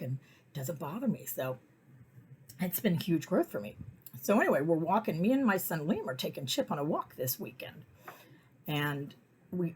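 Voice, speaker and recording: A middle-aged woman telling personal stories in a casual, chatty way, often acting out what people said in high voices. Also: slight background noise. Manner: chatty, animated, acts out quotes in high voices. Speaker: weekly message host.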